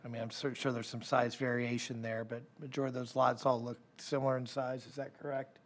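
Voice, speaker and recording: A board member questioning an applicant at a public hearing, direct and inquiring. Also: male voice, medium pitch, flat delivery, a little fast, slight background noise.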